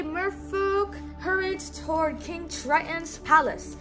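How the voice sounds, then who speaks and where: A young woman reads a storybook aloud in a high, bright-toned voice, stopping often to coax a listener into repeating words. Her delivery is patient and encouraging, with soft music playing faintly behind her. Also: expressive, measured pace. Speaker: teacher.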